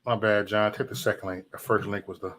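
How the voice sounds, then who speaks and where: A man's voice: on the low side, fairly even intonation, brisk, a bit bright, slight background noise. A man hosting a live stream, ranting profanely at chat trolls in a loose, mocking way. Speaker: livestream host.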